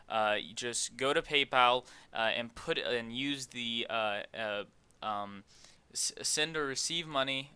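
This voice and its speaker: Slow, rambling young man explaining software. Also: medium pitch, clean tone. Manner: rambling, many fillers, thinking aloud. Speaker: game dev tutorial host. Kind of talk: unscripted screen-recorded tutorial.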